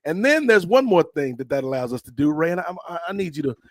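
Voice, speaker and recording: Podcast co-host, male, slightly high voice, animated storyteller, dry mic. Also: quick pace, dry recording. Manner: animated storyteller acting out dialogue. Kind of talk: casual storytelling chat.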